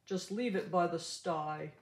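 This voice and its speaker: A woman's voice: lowish voice, unhurried, a little mellow, echoey room, voice pushed down. A woman voicing a gang of defiant, mud-loving pigs who answer with mocking taunts. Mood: scornful.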